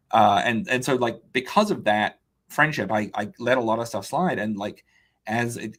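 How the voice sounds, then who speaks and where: A man guest on an interview podcast, casually telling a long anecdote, acting out what others said and using lots of "like" and "um". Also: mid-range voice. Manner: animated anecdote-telling, quoting others' words, frequent "like" and "um". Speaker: author and illustrator guest.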